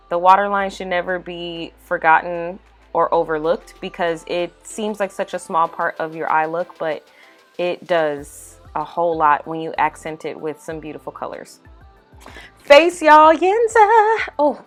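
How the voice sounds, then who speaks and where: A young woman talks through her makeup in an easy, animated voice-over. Her voice sits a little low, and she drops "y'all" and "like" throughout. Soft music plays faintly under her. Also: normal speed. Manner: chatty, animated, says "y'all" and "like" a lot. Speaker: makeup vlogger. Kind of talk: casual voice-over chat.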